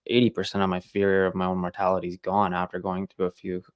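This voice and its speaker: A man with a fairly low voice hosts a casual interview, thinking aloud and correcting himself mid-sentence. The recording sounds dry and close. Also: completely flat delivery, fast talker, no room sound. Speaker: host.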